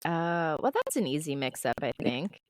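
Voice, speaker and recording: A young woman with a low-pitched voice co-hosts a casual podcast, speaking at a moderate pace on a dry recording. She tells animated stories and laughs often.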